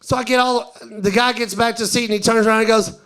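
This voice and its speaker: A stand-up comedian, a man, telling a story to a live audience. His voice sits high, and he talks in a chatty, animated way, acting out each line of dialogue. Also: fast talker, clean tone.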